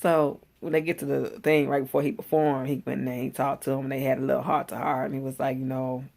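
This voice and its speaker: Woman, low and gravelly, loose animated slangy recap of a show, talks straight to camera. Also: fast. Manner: animated, slangy, exclaims and laughs while retelling. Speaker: TV episode reviewer. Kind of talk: casual chatty recap.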